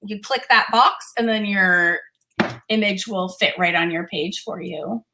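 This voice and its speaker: A woman's voice: mid-range voice, measured pace, bright, forceful tone. A young adult woman teaching art on a casual livestream from her home, chatting with viewers and reading their comments. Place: home studio room.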